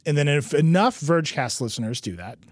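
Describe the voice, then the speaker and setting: A man hosting a tech podcast in casual chat, animated and joking as he spins mock-grand plans. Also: on the high side, brisk, no echo, studio quality. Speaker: podcast host.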